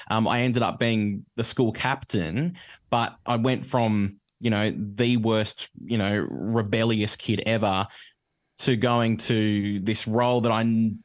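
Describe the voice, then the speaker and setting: A man's voice: fairly low pitch, no room sound, clean studio sound. A man co-hosting a podcast, speaking earnestly and reflectively in casual chat. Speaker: podcast co-host.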